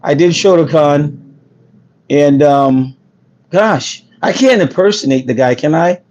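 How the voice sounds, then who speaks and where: The host of a food truck business livestream, a New Yorker, chats casually and reads comments, joking and laughing with his audience while his voice goes. He speaks at a slow pace, his voice on the high side and a little mellow, with dull phone audio.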